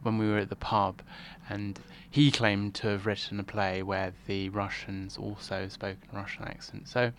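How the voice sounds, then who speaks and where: Brief: male playwright, low monotone delivery, modest, halting. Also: slight background noise. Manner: hesitant, modest, with many ums. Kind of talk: interview conversation.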